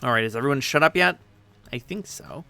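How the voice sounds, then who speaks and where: A man reading a webcomic aloud, voicing a brisk, impatient young leader briefing his team. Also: medium pitch, animated, creaky, sharp tone, soft background music. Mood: commanding. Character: bossy young leader running a war meeting.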